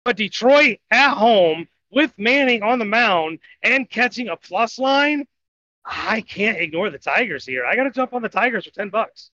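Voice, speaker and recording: Podcast co-host, male, high bright voice, rambling betting picks, lo-fi sound. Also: expressive, moderate pace. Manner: rambling, self-correcting picks. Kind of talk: casual sports betting talk. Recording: dull lo-fi audio.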